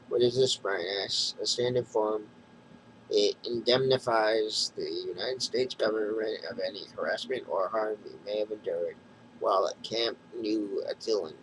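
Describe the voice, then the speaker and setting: A man's voice: fairly low pitch, a little hiss or hum, low-quality recording. A man reviewing a comic book, reading its narration and dialogue aloud in a plain retelling with small restarts. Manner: recounting panels in plain retelling, with mumbled restarts.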